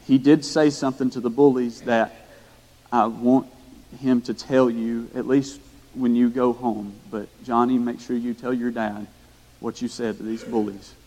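A man voicing a calm female schoolteacher who speaks gently and hesitantly, in a sermon story. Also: medium pitch, unhurried, voice pushed down, close to an everyday voice. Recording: echoey hall.

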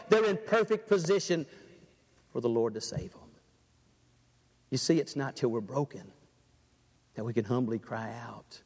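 A high-voiced man preaching with a very lively, swinging delivery, dropping to a hush and then rising loud. His voice rings out in a large church hall with a long reverb. He asks the crowd question after question. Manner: dramatic, swings from hushed to loud, rhetorical questions. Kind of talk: sermon.

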